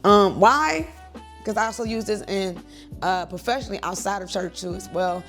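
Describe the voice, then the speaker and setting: A woman in her thirties, a church and wedding photographer, chatting to camera at home in a lively, rambling way. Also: mid-range voice, normal speed, faint music behind. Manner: chatty, animated, digressive. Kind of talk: casual talk to camera.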